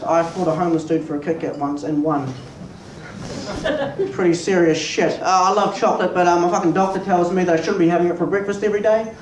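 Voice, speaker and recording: A young man with a New Zealand accent doing a stand-up comedy set, deadpan, profane and self-mocking. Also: high voice. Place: small pub stage. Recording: echoey pub room, mic far off, noisy.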